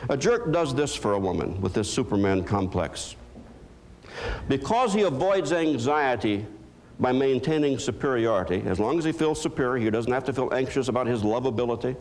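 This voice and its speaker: A man's voice: medium pitch, a little mellow. A man giving a motivational lecture as a psychologist, telling stories earnestly and with emphasis.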